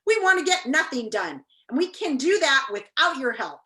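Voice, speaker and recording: A woman voicing lazy, sleepy storybook creatures who love doing nothing, in an unhurried, drawling read. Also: high-pitched, big pitch swings, a bit bright. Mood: snappish.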